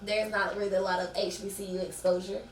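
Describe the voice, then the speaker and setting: A young woman on a student panel, telling a story in a casual, animated way. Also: medium pitch, fast talker, a little hiss or hum. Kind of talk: casual group discussion. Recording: echoey room, far from mic.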